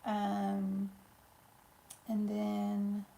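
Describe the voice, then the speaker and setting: A woman reads viewer comments aloud during a casual live stream, soft-spoken and unhurried. Her voice has a gravelly creak at a middle pitch. The room around her is echoey. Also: monotone. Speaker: live stream co-host reading chat.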